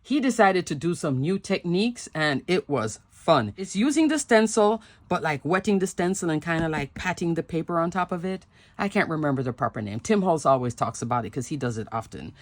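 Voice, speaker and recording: A woman's voice: low voice, expressive, a little fast, dry recording. A woman hosting a casual craft show-and-tell, gushing and chatty, often asking if things are pretty and repeating her love for them. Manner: chatty, asks "isn't that pretty?". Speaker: papercraft channel host.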